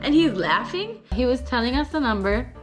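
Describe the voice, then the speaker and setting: A young woman vlogger telling a story, animated and expressive, swearing casually. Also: high voice, moderate pace, faint music behind. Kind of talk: story time vlog.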